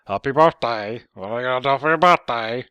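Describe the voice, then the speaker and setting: A smug grown son who drags every word out slowly and tediously, as a man mimics him in a story. Slightly raised pitch, dry sound. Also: sharp tone, smooth, dry recording, highs cut off, close to an everyday voice. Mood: droning. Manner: annoyingly slow, drawn-out speech. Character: slow-talking, smug middle-aged son.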